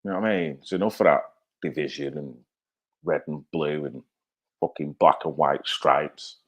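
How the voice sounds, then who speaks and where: A man's voice: extremely low pitch, normal speed, slightly rough. A man hosting a casual livestream, chatting loosely, swearing freely and greeting viewers by name as he reads their comments. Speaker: livestream host.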